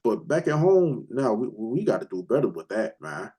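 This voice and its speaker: Husky-voiced american man, laid-back. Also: lowish voice, sing-song, moderate pace, dark tone. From United States. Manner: laid-back, swears freely, laughs often, stammers on restarts. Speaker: guest, hip hop producer. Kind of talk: casual interview chat. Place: lives abroad, remote call.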